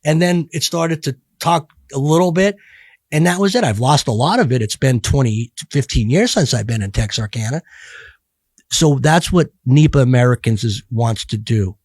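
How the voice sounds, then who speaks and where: A man's voice: mid-range voice, expressive, normal speed, darkish tone, no room sound, studio quality. A middle-aged man talking bluntly and profanely as a podcast guest, rambling with many restarts. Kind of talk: casual podcast conversation.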